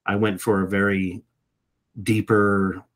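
A man's voice: fairly low pitch, flat delivery, slow. A middle-aged man, a voice actor, giving reflective interview answers and often repeating words as he starts a thought. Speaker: voice actor guest.

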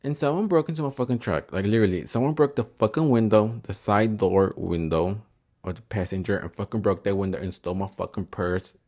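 A man's voice: fairly low pitch, fairly quick, darkish tone. A man hosting a podcast, telling a story in a chatty way with lots of swearing and Spanish words slipped in. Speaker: podcast host. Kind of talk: casual storytelling monologue.

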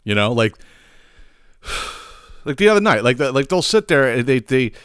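A man's voice: mid-range voice, sing-song, a little slow, a bit bright, smooth, no room sound, studio quality. A man hosting a podcast, ranting comically in a profane, exasperated way. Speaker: podcast host. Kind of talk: comedic rant.

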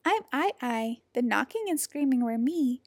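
A woman doing a tiny, gentle night creature. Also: high voice, expressive, normal speed, dry recording, clean studio sound. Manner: small soft voice.

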